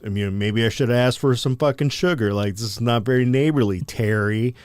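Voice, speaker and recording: A man's voice: mid-range voice, a little fast, darkish tone, smooth, dry recording, close to an everyday voice. A man voicing a lost male driver who rants indignantly and curses after a door is shut on him. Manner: indignant rant, heavy cursing.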